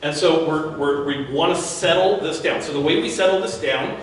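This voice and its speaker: A man's voice: a little high, moderate pace. Man speaking in an echoey room. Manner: conversational, with frequent restarts and repeated words. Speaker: guest speaker. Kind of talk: live talk to a business audience. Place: event room at a networking event. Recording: echoey room from far off with faint background noise.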